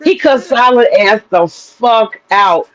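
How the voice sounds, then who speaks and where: A man's voice: high-pitched, animated, takes it slowly, a bit bright, lo-fi sound. Profane, laughing streamer man. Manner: loose, profane, laughing, repeats phrases. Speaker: streamer and panel host. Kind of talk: casual livestream panel chat.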